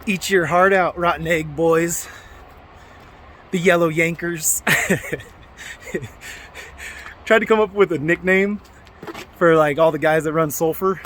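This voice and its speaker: A man with a somewhat high voice talks casually to his viewers, cracking jokes and wandering off on tangents with plenty of ums and uhs. He records on a handheld camera as he moves through a small mountain town, with faint outdoor noise behind him. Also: slow pace, long pauses, a bit bright. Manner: joking, rambling with many fillers. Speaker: trucking vlogger. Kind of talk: casual vlog chat to camera.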